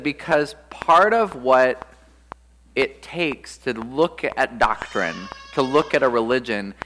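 A man, an Episcopal priest, preaching a sermon in a relaxed, thoughtful way, often pausing with "uh" and "um". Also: mid-range voice, slight background noise. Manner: conversational and reflective, with frequent "uh" and "um". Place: church. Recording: long church reverb.

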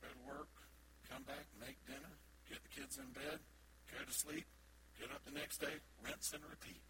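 A middle-aged man, a pastor, preaching a sermon in a church sanctuary with playful, animated storytelling. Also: mid-range voice, moderate pace, heavy background noise. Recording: loud background ambience.

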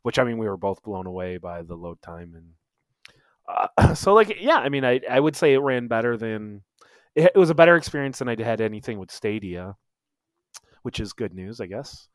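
Laughing man who trails off quietly. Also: fairly low pitch, expressive, normal speed, dry recording. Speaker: podcast co-host. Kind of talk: casual gaming news chat.

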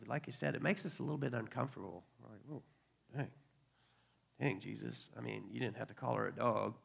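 A pastor preaching a conversational sermon, acting out quotes along the way. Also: male voice, on the high side, creaky, breathy edge.

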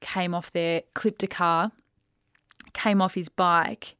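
A woman's voice: lowish voice, slow pace, clear, resonant tone, no echo, studio quality. A woman co-hosting a podcast, telling a story in casual chat and acting out the voices she quotes. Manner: animated storyteller who acts out quoted voices. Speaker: podcast co-host.

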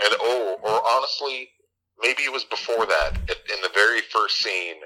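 A man's voice: on the low side, moderate pace, bright, forceful tone, low-quality recording. A man on a casual podcast, rambling and swearing as he recaps a movie. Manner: profane, rambling recaps with mock voices. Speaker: podcast co-host.

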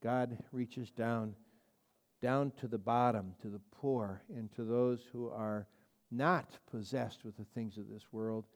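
A man's voice: medium pitch, steady tone, slow. A man teaching a Bible study as a pastor, in a chatty, emphatic way with frequent restarts and asides. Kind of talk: conversational Bible study lecture.

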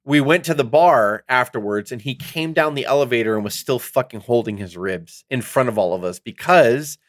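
A middle-aged man talks in loose, rambling podcast chat, often swearing as he gets worked up. His voice sits at an ordinary pitch and sounds dry and close, with no room around it. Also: normal speed, no echo. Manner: rambling, excitable, heavy swearing. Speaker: podcast co-host. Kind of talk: casual chat.

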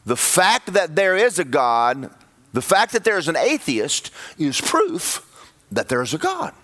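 Pastor preaching, bright forceful voice, acts out people's voices. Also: male voice, a little high, unhurried. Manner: animated preaching, mimics congregation voices. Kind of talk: sermon. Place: church.

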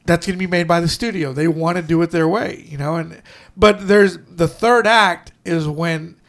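A man's voice: on the high side, moderate pace, a bit bright. A man co-hosting a podcast in casual chat, rambling with many restarts and quoting people in put-on voices. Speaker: podcast co-host.

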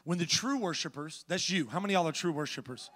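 A man pastor from the United States preaching a sermon, telling a story with animation and then building to loud exhortation. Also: fairly high pitch, lively intonation, quick pace, big-room sound.

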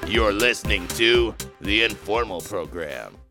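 A man putting on the voice of a formal male radio show announcer, speaking slowly. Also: fairly low pitch, expressive, music in the background, voice pushed down. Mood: announcing. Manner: slow, formal announcer delivery.

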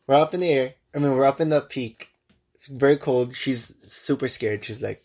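A man's voice: mid-range voice, fairly quick, a little mellow. A young man with a mid-range voice co-hosts a casual podcast. He tells a travel story animatedly, doubling back and restarting his sentences as he goes. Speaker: podcast co-host.

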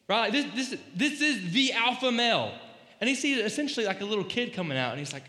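A man giving a casual, animated sermon, joking and acting out quoted lines as he retells a story. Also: sits high, fast talker. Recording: echoey hall, voice slightly distant.

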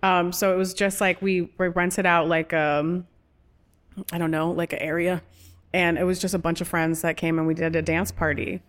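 A lower-voiced woman speaks as an interview guest. She is animated and playful and laughs easily as she talks about her work. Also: normal speed. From United States. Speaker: actress and guest. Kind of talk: casual interview chat.

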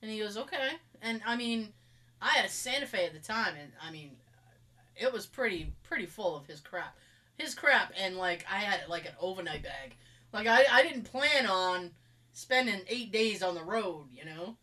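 A woman from Massachusetts with a Massachusetts accent, telling a story in casual chat with lively sound effects. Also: medium pitch, moderate pace.

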